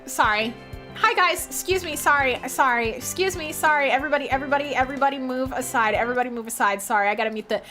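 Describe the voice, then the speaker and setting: Young woman streamer, high voice, playful chat with viewers, music going behind her. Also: quick pace, sharp tone. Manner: playful, reads and answers chat aloud. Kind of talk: casual livestream chat. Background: background music.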